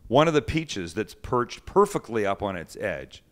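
Animated man telling a story. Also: on the low side, a little slow. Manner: animated storyteller, acts out quotes, swears. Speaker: host. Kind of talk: casual storytelling chat.

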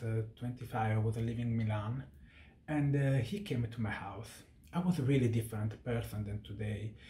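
A man in his thirties talks to his viewers in an earnest, heartfelt way and often stops to search for the right words. His voice is mellow and soft. The sound is roomy and echoes off the walls. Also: medium pitch, slight background noise. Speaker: vlogger. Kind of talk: personal monologue to camera.

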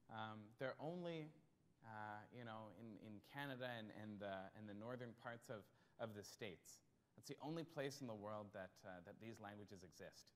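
A man speaking on a conference panel in a measured, plainspoken way, with frequent fillers. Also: medium pitch. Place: conference hall.

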